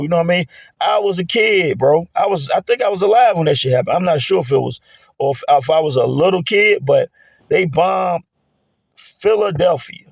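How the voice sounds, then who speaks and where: A heated, blunt man in his forties talks straight into the mic in a casual solo monologue, with cursing mixed in. His fairly high voice has a gravelly edge. The sound is close and dry, with no room around it. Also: dry recording. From United States. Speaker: host.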